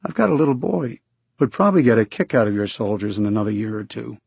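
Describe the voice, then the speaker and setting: Mild, kindly young minister, low and soft-spoken, read by a man, a little husky. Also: very animated, fast talker, dry recording, heavily acted. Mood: gentle. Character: young male minister, calm, gentle and kindly. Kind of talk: audiobook character voice.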